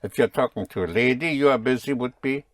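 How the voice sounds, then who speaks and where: A man's voice: medium pitch, a little fast, no echo, studio quality. A man teaching a spoken language lesson, patiently drilling and correcting his students.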